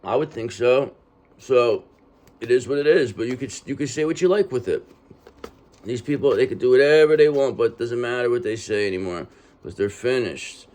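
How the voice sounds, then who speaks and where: Male tarot reader, casual and streetwise, keeps checking in with "okay?", mid pitch. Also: normal speed, a little mellow. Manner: street-talking, repetitive, reassuring with frequent "okay?". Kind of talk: casual tarot reading monologue.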